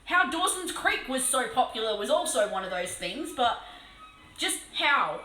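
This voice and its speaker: An Australian woman chatting casually on a live stream while painting a model, excitable and swearing freely. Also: sits high, unhurried, roomy sound, faint music behind, low-quality recording.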